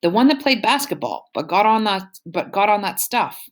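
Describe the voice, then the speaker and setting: A woman voicing a curious middle-aged uncle, inquisitive and casual, pitched a bit higher. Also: very animated, normal speed, close to an everyday voice.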